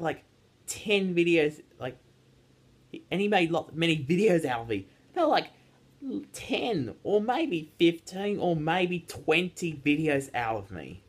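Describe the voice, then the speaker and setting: A teenage boy ranting casually to his viewers, rambling with frequent restarts and repeated words. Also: a little high. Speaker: YouTube ranter. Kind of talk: casual rant vlog.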